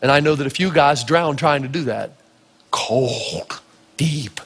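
A man from Tennessee preaching a sermon, telling stories with lively energy and acting out the voices of the people in them. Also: fairly high pitch, brisk, husky. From Tennessee, United States. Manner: animated storytelling, acting out voices. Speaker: pastor. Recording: reverberant hall.

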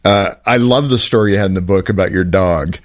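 A man's voice: low-pitched, brisk. A man hosting a conversation, talking animatedly and playfully while asking long questions. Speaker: host. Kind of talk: casual conversational interview.

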